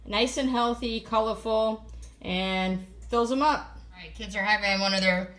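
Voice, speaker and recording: Here is a woman filming her own home cooking vlog. Her voice is bright and clear, and she rambles in a relaxed way with plenty of "um" and "so". She sounds chatty and easygoing throughout. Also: medium pitch, measured pace. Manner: chatty, easygoing, lots of fillers. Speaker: family vlogger. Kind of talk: casual cooking vlog chat. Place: home, partly outdoors.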